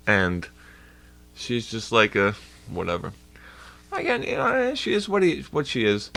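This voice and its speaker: A man's voice: on the low side, a bit bright. A man livestreaming and ranting in a heated, profane way to his chat. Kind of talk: casual livestream rant.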